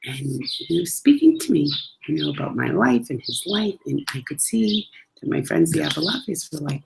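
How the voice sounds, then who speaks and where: Speaking at normal speed with a deep, sing-song voice and some vocal fry, a woman chats casually about her travels over background noise. She laughs a lot and performs the voices of anyone she quotes.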